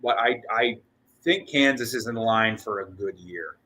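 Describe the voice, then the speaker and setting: Bright-voiced man rambling breathlessly. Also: fairly low pitch, a little slow, slightly rough, poor audio. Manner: rambling, restarts with repeated words, excitable. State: short of breath. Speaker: sports podcast host. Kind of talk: casual postgame talk.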